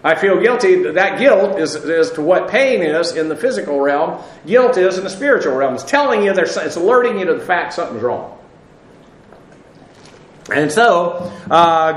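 A man teaching a Bible lesson in sermon style, explaining Greek words slowly with many filler sounds. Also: high voice, fairly bright tone. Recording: echoey room sound.

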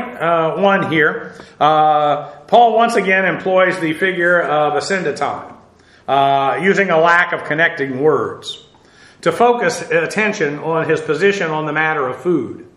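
A man teaching a Bible study on the Greek text, speaking haltingly with many fillers and spelling out words letter by letter, in a classroom. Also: fairly high pitch, fairly bright tone. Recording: echoey room.

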